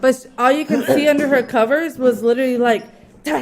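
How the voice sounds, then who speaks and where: Podcast host, young woman, higher voice, swearing, rambling and laughing through her stories. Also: fairly even intonation, fast talker, a crowd in the background. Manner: profane, rambling, laughing storyteller. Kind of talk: casual storytelling chat.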